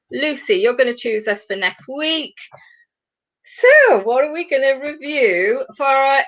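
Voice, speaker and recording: A woman co-hosting a comedy podcast over a video call, chatting animatedly and slipping into quick impressions. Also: a little high, a bit bright. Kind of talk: casual chat.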